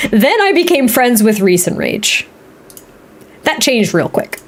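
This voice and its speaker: Thirties woman streamer, higher-pitched, giggly and rambling, casual talk over gameplay. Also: big pitch swings, takes it slowly. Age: 30s. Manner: giggly, rambling, laughs often. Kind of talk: casual livestream chat while playing.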